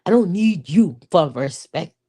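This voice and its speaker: Scorned woman, low mellow voice, foreign accent, cursing rant, put on by a woman. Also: expressive, measured pace, breathy edge. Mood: furious. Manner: foul-mouthed ranting, put-on foreign accent. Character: furious scorned township woman cursing her cheating man.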